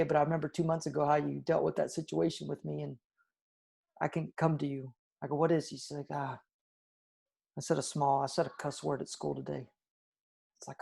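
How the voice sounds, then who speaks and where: A man in his forties, a father being interviewed, speaking earnestly and reflectively, often trailing off quietly. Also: a little high, level tone, a little fast, gravelly. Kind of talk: candid interview storytelling.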